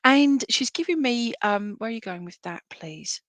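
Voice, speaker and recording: A British woman working as a medium, gently passing on a spirit message and often checking in with "all right?" and "okay?". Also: a little high, animated, normal speed, dry recording.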